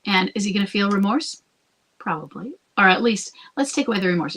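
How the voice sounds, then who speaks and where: A woman's voice: mid-range voice, lively intonation, a little fast, a bit bright, husky, poor audio. A woman hosting an advice podcast, answering a listener in a conversational, thinking-aloud way and sometimes dropping to a whisper. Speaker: podcast host and coach.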